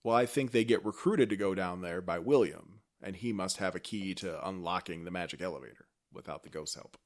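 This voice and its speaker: Male podcast co-host, low-ish voice, chatty and excitable fan energy. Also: a little fast. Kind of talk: casual chat recapping a TV episode.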